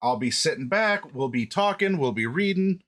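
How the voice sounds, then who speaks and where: A man's voice: fairly high pitch, expressive, moderate pace, fairly bright tone. A man hosting a livestream in a playful, chatty way. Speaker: livestream host. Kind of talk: casual livestream chat.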